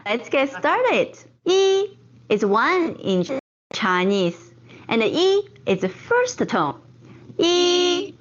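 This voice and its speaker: A woman teaching counting in a scripted video lesson, saying each word slowly again and again. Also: on the high side, slight background noise. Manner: slow, drawn-out repetition of each word. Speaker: online Chinese tutor. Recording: dull lo-fi video audio.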